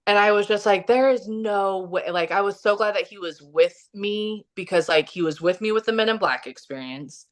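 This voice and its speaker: A woman from Missouri telling a personal story as a podcast guest, animated and full of "like" fillers. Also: mid-range voice, fairly quick, hardly any pauses. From Kansas City, Missouri. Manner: animated, many "like" fillers, laughs often. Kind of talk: casual storytelling interview.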